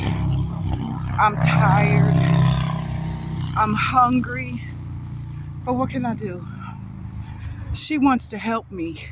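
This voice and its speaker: Woman telling her own hard story slowly, sighs and restarts a lot, street noise in the background. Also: mid-range voice. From North Carolina, USA. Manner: sighing, halting, emotional retelling with restarts. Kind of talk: personal storytime monologue.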